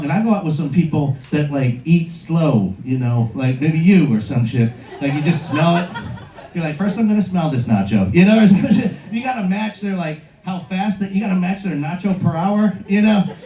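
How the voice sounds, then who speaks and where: High-voiced profane comic from Michigan. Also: male voice, mellow, far from the mic. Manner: loose, profane, self-mocking. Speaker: stand-up comedian. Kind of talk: stand-up comedy set. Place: comedy club stage. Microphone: handheld stage mic. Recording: roomy club sound from afar, audience laughter.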